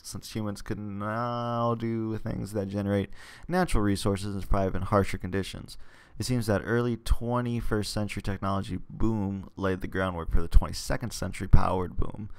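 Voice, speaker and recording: Gravelly man reading a game aloud. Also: lowish voice. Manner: casual, self-correcting, joking asides.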